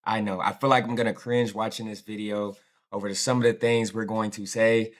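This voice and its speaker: A man's voice: on the low side, flat delivery, fairly quick. Slangy American man reacting casually. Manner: chatty, slangy, self-mocking, often trails off softly. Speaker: reaction video host.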